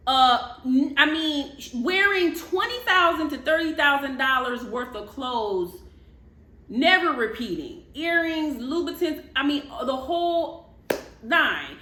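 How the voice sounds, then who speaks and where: A woman giving animated, casual gossip commentary to her viewers, laughing often and talking to them directly. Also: high voice, unhurried, roomy sound. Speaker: commentary vlogger.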